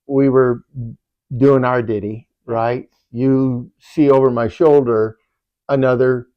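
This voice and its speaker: A man's voice: mid-range voice, steady tone, takes it slowly, clean tone, no echo, lo-fi sound. A man co-hosting a travel vlog, chatting casually in a laid-back way and tagging lines with "right?". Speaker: vlog co-host. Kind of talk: casual chat.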